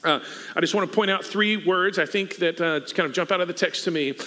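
A man's voice: sits high, brisk, bright, forceful tone. A man preaching a sermon as a pastor, conversational and given to joking asides. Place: church sanctuary. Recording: long reverb of a hall.

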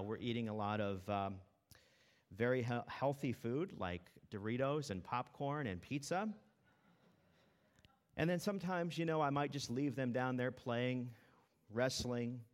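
A man preaching a sermon as a pastor, talking casually and telling a family story with small fillers along the way. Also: mid-range voice. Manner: conversational, storytelling with filler words.

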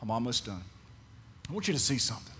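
A pastor preaching a sermon, repeating key phrases for emphasis and swinging between soft and loud delivery. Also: male voice, medium pitch, very animated, fast, slightly rough.

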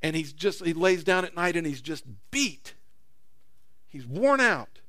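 A man's voice: fairly high pitch, very animated, a little slow, pushed and bright, dry recording, studio quality. A man preaching a sermon in a conversational way, acting out quotes with rising intensity. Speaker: pastor.

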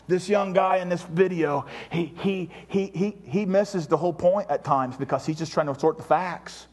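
A man's voice: sits high, moderate pace, few pauses, darkish tone. A male pastor preaching a sermon in a church, emphatic, repeating phrases and firing rhetorical questions at the congregation.

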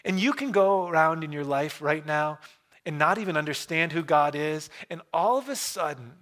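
A pastor preaching a sermon in a church, earnest, dropping into hushed pauses for effect. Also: male voice, a little high. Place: church room.

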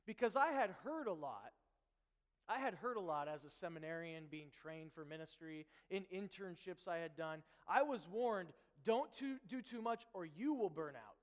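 A man preaching a conversational sermon, telling stories with animated acted-out dialogue. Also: sits high, normal speed, big-room sound. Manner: animated storytelling, acts out dialogue. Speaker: pastor.

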